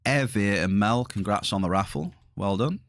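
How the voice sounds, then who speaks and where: A man's voice: fairly low pitch, normal speed, dry recording. A middle-aged man chatting casually to viewers during a livestream, rambling, his voice slightly strained. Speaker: livestreaming gamer.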